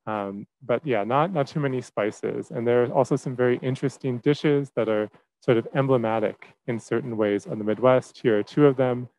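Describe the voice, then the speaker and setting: A young man presenting to a class as a teaching fellow, relaxed, with many fillers and restarts. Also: mid-range voice, brisk, low-quality recording.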